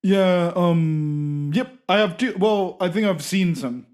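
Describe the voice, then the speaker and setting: A man's voice: sits high, takes it slowly, a little mellow. A man voicing a dim-witted male jock adventurer who hosts a talk show in character, rambling, goofy and hesitant during tabletop role-play.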